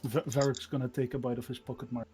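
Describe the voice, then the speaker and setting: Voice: mid-range voice, level tone, fast, mellow. A player at a tabletop game speaking casually with a playful, joking manner.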